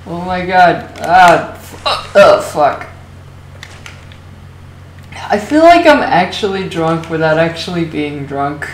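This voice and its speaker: A woman's voice: on the low side, expressive, measured pace, few pauses. A woman chatting casually while gaming on a voice call, giggly and rambling, tired and hiccuping. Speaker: gamer on a voice call. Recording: roomy echo with faint noise.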